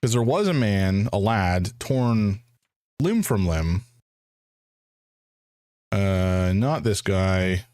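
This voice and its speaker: A man's voice: on the low side, expressive, extremely slow, long pauses, darkish tone, no room sound, clean studio sound. A man streaming a first playthrough of a detective game, thinking aloud in a hesitant way with frequent restarts. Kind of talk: casual live game commentary.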